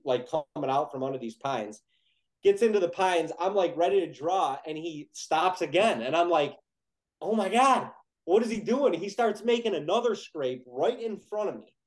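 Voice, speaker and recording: A young man telling a casual, animated story on a podcast, peppering his talk with "like". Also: a little high, rough recording. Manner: animated, heavy use of "like", excited retelling.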